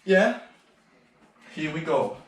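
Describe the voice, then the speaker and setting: A man's voice: fairly high pitch, big pitch swings, takes it slowly, roomy sound, far from the mic. Man teaching a children's ballet class. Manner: encouraging, counting beats aloud. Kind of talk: online children's dance class.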